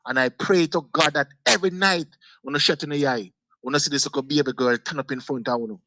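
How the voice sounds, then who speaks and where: A man's voice: a little high, fast, bright, forceful tone, no room sound, poor audio. Emphatic preachy man. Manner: preachy and emphatic, repeating phrases. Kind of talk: impassioned casual talk.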